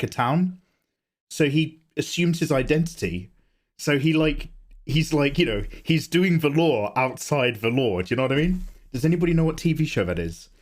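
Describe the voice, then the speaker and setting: A young man with a croaky voice, chatting loudly and swearing a lot while he streams himself drawing at home. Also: medium pitch. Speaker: livestreaming artist. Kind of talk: casual chat while drawing.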